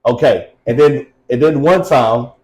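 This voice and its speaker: A man's voice: medium pitch, a little slow, a little mellow, poor audio. A man co-hosting a casual podcast, telling stories and teasing with blunt, profane talk. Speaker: co-host.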